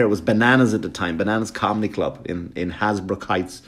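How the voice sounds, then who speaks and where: A male comedian telling a story for laughs, swearing freely and often checking in with a quick question to the listener. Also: fairly low pitch. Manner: profane, animated, keeps checking in with the listener.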